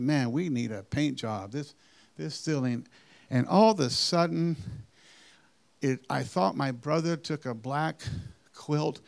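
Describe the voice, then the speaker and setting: A man slowly recounting a personal testimony in an earnest way, with deliberate phrasing and halting restarts. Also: a little high, gravelly, clear, resonant tone. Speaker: storyteller giving a personal testimony. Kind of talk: slow, earnest spoken testimony.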